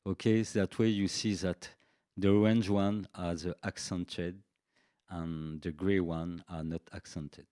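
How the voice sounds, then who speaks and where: A man walks through a music software tutorial on a live stream, speaking slowly and patiently. His voice sits very low and mellow, recorded dry and close. Faint drum machine beats tick along behind him. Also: fairly even intonation, no echo. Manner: unhurried, explanatory, with frequent "okay" checks.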